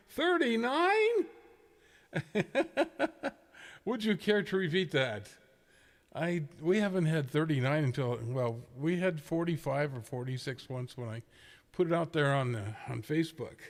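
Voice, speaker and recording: A man's voice: a little high, normal speed, big-room sound. A man hosting a livestreamed amateur radio net, chatting casually and rambling with frequent chuckles. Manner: chuckling, rambling, self-deprecating.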